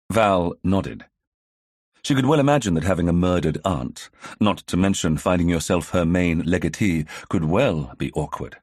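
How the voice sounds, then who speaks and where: A man narrating an audiobook in a measured, even storytelling manner. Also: deep voice, breathy edge, no room sound, studio quality. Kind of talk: scripted narration.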